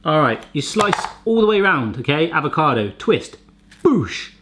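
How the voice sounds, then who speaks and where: A man's voice: fairly high pitch, big pitch swings, normal speed, noisy background. A man hosting a kitchen gadget video, chatting casually and cracking playful jokes. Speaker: kitchen gadget reviewer, show host. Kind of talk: casual vlog chat.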